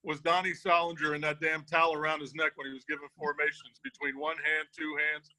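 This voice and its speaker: A man's voice: fairly high pitch, little pitch movement, a little fast, bright, forceful tone, poor audio. A man who worked behind the scenes for a football team, telling blunt, joking stories in a casual video chat. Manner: joking storyteller, blunt and profane. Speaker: former football staff member.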